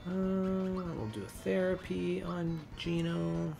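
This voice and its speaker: A man hosting a let's play, calmly explaining his moves as he plays. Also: high voice, slow, gravelly, faint music behind. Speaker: host playing a video game.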